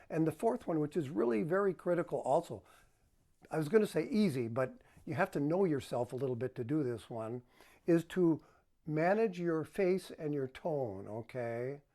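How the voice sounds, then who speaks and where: A man's voice: fairly high pitch, a little mellow. A man working as a relationship counselor, giving advice to the camera in a coaching manner and acting out example tones of voice.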